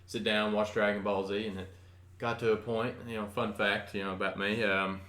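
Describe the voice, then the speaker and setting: Deep, bright-voiced young man, echoey room. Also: flat delivery, moderate pace. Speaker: podcast co-host. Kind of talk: casual chat.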